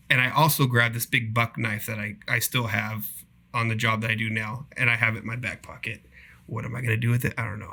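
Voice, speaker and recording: Bright-voiced man telling profane stories. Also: medium pitch. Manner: profane, animated storyteller. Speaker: podcast guest, cable installer. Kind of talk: casual storytelling.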